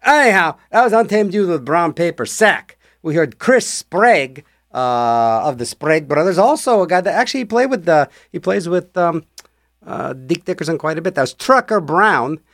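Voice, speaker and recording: A man's voice: on the high side, sing-song, normal speed, fairly bright tone. A male radio DJ back-announcing songs in casual, rambling patter, jokey and full of restarts.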